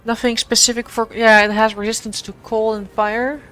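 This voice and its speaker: A woman's voice: on the high side, little pitch movement, normal speed, fairly bright tone. A young woman streaming a video game, chatting playfully with her viewers as she plays. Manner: chatty, playful, talks to her chat while playing. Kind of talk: casual gameplay commentary. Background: faint game music.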